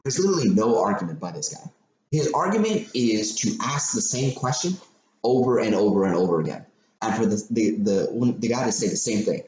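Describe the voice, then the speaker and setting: Animated swearing man telling a story. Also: on the low side, fairly quick. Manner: animated, profane, repetitive retelling. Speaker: podcast host. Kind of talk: casual storytelling chat. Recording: echoey room with faint noise.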